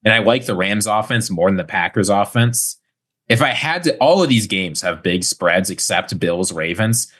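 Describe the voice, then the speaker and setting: A man in his twenties co-hosting a sports podcast, laying out steady, analytical points. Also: on the low side. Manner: steady, analytical, makes points in quick lists. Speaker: podcast co-host.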